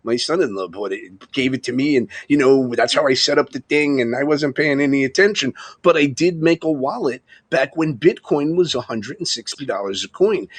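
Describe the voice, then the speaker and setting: A man's voice: a little high, a bit bright, slightly rough. A man in his fifties with a New York accent, hosting a casual live chat, rambling and chuckling as he talks. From Long Island, New York. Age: 50s. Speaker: livestream host. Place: home room, video call.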